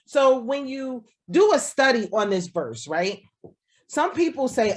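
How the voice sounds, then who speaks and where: A woman pastor preaches over a video call, her pitch swinging up and down as she talks. She keeps the tone conversational, tossing in "right?" and acting out the voices of the people she quotes. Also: big pitch swings, unhurried. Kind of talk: sermon.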